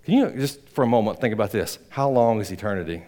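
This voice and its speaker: A male pastor preaching a sermon in church, swinging between loud emphatic peaks and low quiet asides, with a rambling, folksy delivery. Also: expressive, quick pace. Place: church sanctuary.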